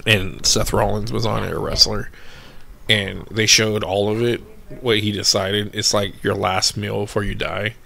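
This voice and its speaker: A man's voice: lowish voice, level tone, unhurried, vocal fry, pushed and bright. A man in casual chat, telling a story animatedly, acting out what people said and swearing freely. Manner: storytelling with lots of acted-out quotes and laughs.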